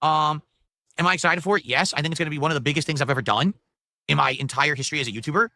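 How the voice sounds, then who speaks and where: A man recapping a game trailer for his channel in a bright, tense voice. The sound is close and dry, and he delivers his takes matter-of-factly with dismissive asides. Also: a little high, very fast, vocal fry, no room sound. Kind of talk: video game news recap.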